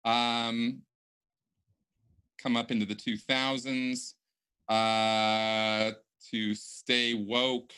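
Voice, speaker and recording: A man's voice: medium pitch, flat delivery, extremely slow, pauses often, pushed and bright, clean tone. A man hosting a casual podcast conversation, speaking emphatically and often restarting his sentences. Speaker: podcast host.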